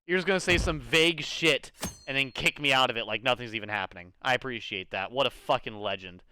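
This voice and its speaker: A young man commentating casually on a blind let's play, excitable, profane and sarcastic. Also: medium pitch, fast talker, smooth. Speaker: gaming streamer.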